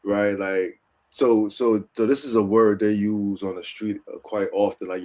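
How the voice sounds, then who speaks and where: Relaxed, low-voiced male podcast panelist. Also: unhurried. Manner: relaxed, hesitant, with fillers and restarts. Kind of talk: casual chat.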